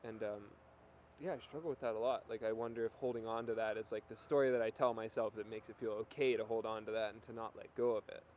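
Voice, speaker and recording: A man's voice: lowish voice, fairly even intonation, fast. Young man talking hesitantly, lo-fi recording. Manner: reflective, filler-heavy, hesitant. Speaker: podcast host. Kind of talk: casual conversation. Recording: dull lo-fi recording with faint hiss.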